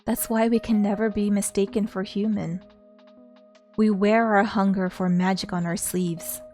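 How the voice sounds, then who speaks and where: Brief: woman streamer, mid-pitched voice, reads a story aloud slowly and earnestly, soft music underneath. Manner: slow, earnest reading aloud, breaking off to chat with viewers.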